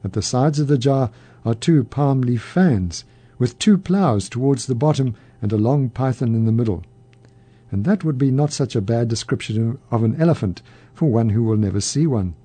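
Mellow-voiced man hosting a radio program. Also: medium pitch, animated, breathy edge, dry recording. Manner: measured, gently humorous storytelling. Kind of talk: reading a Buddhist story aloud.

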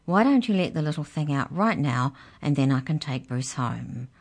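A woman's voice: low-pitched, expressive, normal speed, a little mellow. A woman voicing a timid, nervous young boy who often whispers. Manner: anxious, whispering.

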